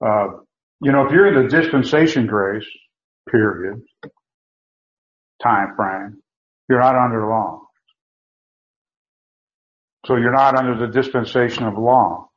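A man's voice: medium pitch, unhurried, pauses often. Emphatic male preacher in a roomy space. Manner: emphatic, repetitive, with many restarts and fillers. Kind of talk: sermon. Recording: dull, roomy sound.

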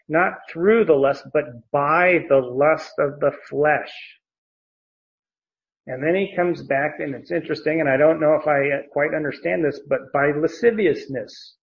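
A man teaching scripture in an unhurried, measured way, his voice sitting a little high for a man. He works through the text with many pauses and "uh"s. The sound is slightly dull and muffled. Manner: slow and deliberate, with frequent fillers and restarts. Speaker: Bible teacher. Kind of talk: verse-by-verse Bible teaching.

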